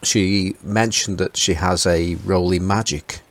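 A man's voice: low voice, fairly even intonation, measured pace. A man hosting a casual group chat, talking hesitantly with many fillers and restarts. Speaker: podcast host.

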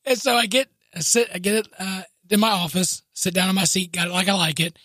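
Chatty co-host type, bright voice, laughs through the story, recorded close and dry. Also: mid-range voice, steady tone, brisk, dry recording. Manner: laughs often while telling stories, chatty asides. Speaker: podcast co-host. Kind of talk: casual chat, reading news aloud.

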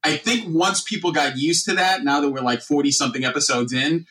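A man's voice: a little high, brisk, bright, forceful tone, recorded from a distance. A middle-aged man co-hosting a podcast, chatting casually and rambling enthusiastically. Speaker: podcast co-host.

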